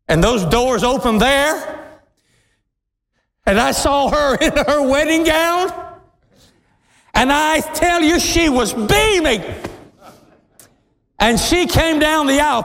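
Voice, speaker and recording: A man preaching a sermon as pastor, telling a story and building up to shouted exhortation before a congregation. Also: very high-pitched. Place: large church sanctuary with congregation. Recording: long hall reverb, crowd and room noise.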